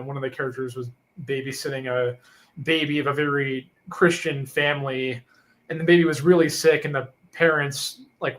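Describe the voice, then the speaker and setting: A man's voice: medium pitch, a bit bright. An agreeable man co-hosts a casual podcast about faith. He stumbles and hesitates before making his points. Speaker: podcast co-host.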